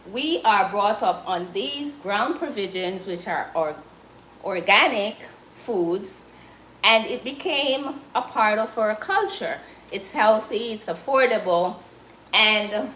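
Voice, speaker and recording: A woman's voice: on the high side, a bit bright, roomy sound, slight background noise, low-quality recording. A Jamaican woman chatting casually and encouragingly to viewers on a live stream while she cooks.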